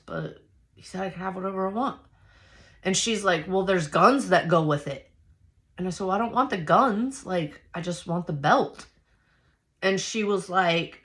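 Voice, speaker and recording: A woman vlogger casually telling a family story to her viewers, blunt and profane, with a loud, heated edge as she gets worked up. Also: fairly low pitch. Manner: addresses viewers directly, filler-heavy run-on storytelling.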